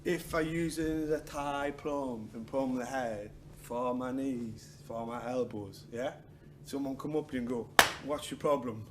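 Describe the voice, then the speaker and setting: A man's voice: mid-range voice, measured pace. A man teaching a martial arts class, joking and swearing and acting out other people's lines. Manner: joking, swears, acts out quotes. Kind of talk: class instruction with humor. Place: training hall. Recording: echoey hall with noise.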